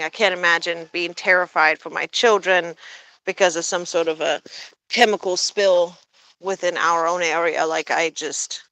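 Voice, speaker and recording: A young woman with a lowish voice talks casually to her pet vlog audience, rambling along with plenty of fillers. Her voice sits close and dry, with little room sound around it. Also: no room sound, poor audio. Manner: soft coaxing baby talk to a scared cat. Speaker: pet vlogger. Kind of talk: casual talk to camera.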